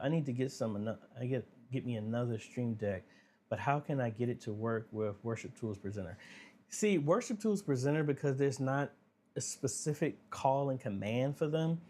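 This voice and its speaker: A man hosting a casual live Q&A, talking through viewer questions in a relaxed, conversational way with plenty of fillers. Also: mid-range voice, a little hiss or hum. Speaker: livestream Q&A host. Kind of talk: casual livestream Q&A.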